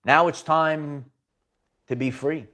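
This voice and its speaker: An emphatic man delivers a spiritual pep talk to his viewers. His voice sits a little higher than most men's. He repeats phrases and restarts his sentences often. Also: steady tone, slow, sharp tone. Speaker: spiritual channel host.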